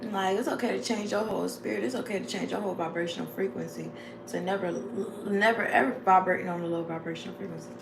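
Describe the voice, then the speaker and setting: A woman's voice: medium pitch, steady tone, quick pace, creaky. A woman giving a rambling, casual motivational talk to her viewers, chatty and informal. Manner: rambling, breaks into frequent laughter; addresses viewers as "y'all" and "babes". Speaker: vlogger. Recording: echoey room with faint background noise.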